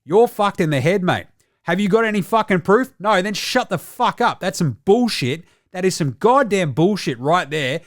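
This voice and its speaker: A defiant young Australian athlete, as a male host puts him on hurls blunt, profane abuse at his accusers. The voice sits a touch high and swings widely in pitch. It sounds close and dry. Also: animated, moderate pace, no room sound. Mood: furious.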